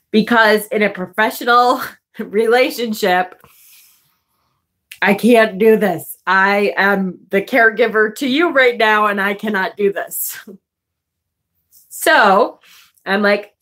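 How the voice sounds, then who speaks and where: Female vlogger, unhurried chatty storyteller, frank and profane. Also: medium pitch, a bit bright. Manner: chatty, swearing, laughing often. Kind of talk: casual personal storytelling.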